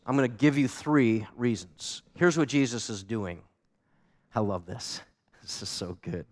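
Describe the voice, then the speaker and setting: A male pastor preaching a sermon, earnest and animated, repeating words for emphasis. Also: on the low side, long reverb tail. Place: church sanctuary.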